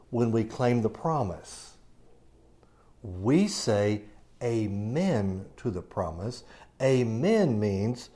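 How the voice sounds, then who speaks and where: A man delivers a sermon in a dark, mellow voice at an ordinary middle pitch. He preaches in a conversational way, slipping in humor and reading Bible verses aloud to his congregation. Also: slightly rough. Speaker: pastor.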